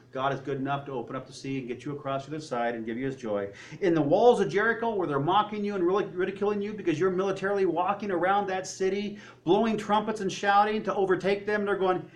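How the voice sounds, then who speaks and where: A man preaching a sermon, swinging between loud, high peaks and low, quiet asides.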